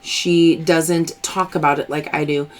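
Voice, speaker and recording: A woman's voice: low voice, steady tone, a little slow. Female live-stream host: chatty, open, emphatic, talking straight to her viewers. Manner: chatty and emphatic, open about personal matters. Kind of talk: live stream chat, answering viewer comments.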